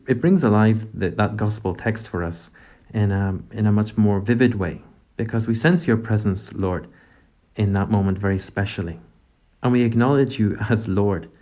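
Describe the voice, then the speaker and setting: Soft-spoken priest in prayer. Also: male voice, fairly low pitch. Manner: gentle, reflective, addresses God directly. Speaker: priest leading a meditation. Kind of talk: guided prayer meditation.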